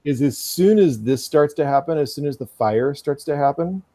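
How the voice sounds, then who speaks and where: Mellow-voiced male game master. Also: on the high side, expressive, no room sound. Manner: descriptive, halting with fillers. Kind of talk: narrating a tabletop game.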